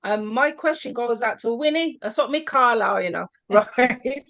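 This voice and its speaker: A woman from Birmingham with a fairly high voice joins a video call as a guest. She talks in an effusive, churchy way. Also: measured pace, a bit bright. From Birmingham, England. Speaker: guest asking a question.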